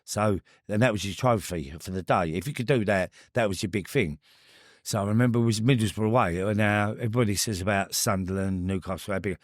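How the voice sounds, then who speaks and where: A middle-aged man speaks with a Cockney accent in a low voice that sits close and dry on a studio mic. He tells stories in a casual interview, stumbling over his words and starting sentences again. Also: no room sound. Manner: rambling, halting, with many restarts. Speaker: podcast guest.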